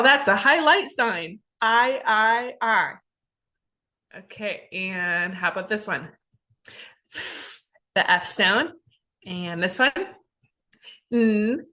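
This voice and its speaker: A woman with a bright, clear voice leads a phonics drill at a very slow pace. She sounds out each letter sound and word part one at a time, deliberately and carefully. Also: mid-range voice. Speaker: ESL teacher.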